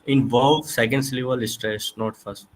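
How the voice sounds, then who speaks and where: Man, student, answering in class, hesitant, halting, mid-pitched. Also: steady tone, low-quality recording. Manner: hesitant, halting, many fillers.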